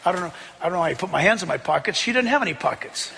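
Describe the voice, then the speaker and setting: A man preaching a sermon in an animated, joking, conversational way. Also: high voice, very fast, creaky, noisy background. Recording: long hall reverb, faint music.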